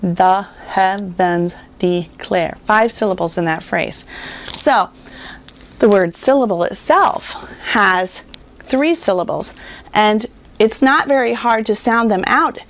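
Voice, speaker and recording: A woman who runs a reading curriculum, giving parents a patient, explanatory talk on teaching phonics and spelling and sounding words out slowly. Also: fairly high pitch, lively intonation, a bit bright, a little hiss or hum. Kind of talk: instructional talk to homeschool parents.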